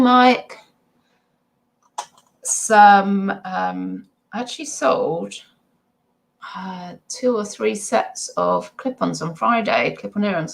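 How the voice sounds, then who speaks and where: A woman's voice: fairly low pitch, creaky, low-quality recording. A woman vlogger chatting casually and rambling about her resale items, with giggly asides. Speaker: eBay reseller vlogger. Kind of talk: casual chat to viewers.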